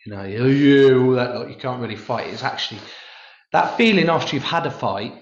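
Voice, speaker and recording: A man's voice: medium pitch, animated, brisk, echoey room, dull audio. A man answering press-conference questions in a rambling, self-deprecating, jokey way. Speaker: rugby player at a press conference.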